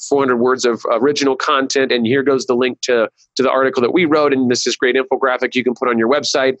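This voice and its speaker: A man's voice: mid-range voice, a bit bright, dry recording, rough recording. A man speaking as a guest on a marketing webcast, rambling, with many restarts and fillers. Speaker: guest, digital marketing consultant. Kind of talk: casual webcast interview.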